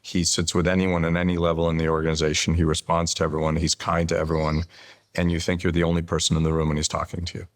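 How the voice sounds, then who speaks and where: A very deep-voiced man in his sixties speaks as a guest in an interview. He lays out his thinking in a measured, explanatory way and slips into anecdotes. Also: completely flat delivery. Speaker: interview guest, chief executive. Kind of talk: conversational interview.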